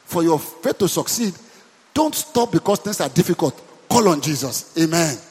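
A man's voice: on the high side, expressive, normal speed, a little mellow, breathy edge. A man preaching a sermon as pastor, calling out questions to his congregation and urging them to answer back. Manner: call-and-response preaching, repeated questions to the congregation. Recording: long hall reverb.

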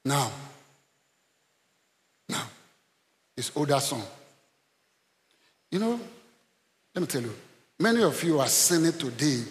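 A male pastor preaching a sermon in an animated way, bursting into shouts, repeating himself and calling out to the congregation. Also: medium pitch, a little hiss or hum. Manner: addresses the congregation with call-and-response. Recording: long reverb of a large hall.

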